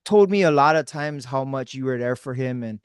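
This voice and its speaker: A man's voice: mid-range voice, lively intonation, a little fast, clear, resonant tone, no room sound, studio quality. A man in his forties from Hawaii hosting a podcast, talking in an easygoing, laid-back way. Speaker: podcast host. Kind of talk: casual podcast interview.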